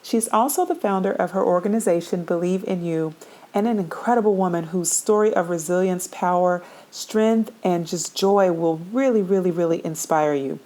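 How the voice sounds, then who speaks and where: Low, mellow woman podcast host. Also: moderate pace. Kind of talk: podcast introduction.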